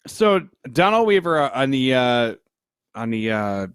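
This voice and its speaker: Lively joking man co-hosting a podcast. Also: mid-range voice, a little slow, clear, resonant tone, dry recording. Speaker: podcast co-host. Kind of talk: casual sports banter.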